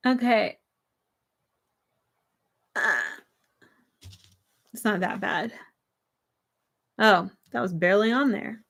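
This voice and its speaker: Young woman host, chatty and relaxed, slight hoarseness, answers her viewers' comments. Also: mid-range voice. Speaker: livestream host. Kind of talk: casual livestream chat. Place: her room with string lights.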